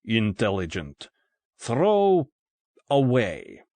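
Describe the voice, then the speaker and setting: A man voicing a tall Russian gunman in an audiobook, with a thick Russian accent, speaking slow broken English in short clipped commands. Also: on the low side, huge pitch swings, darkish tone, no room sound, heavily acted. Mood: commanding. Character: tall sniggering Russian gunman, good-humoured menace. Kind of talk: audiobook character voice.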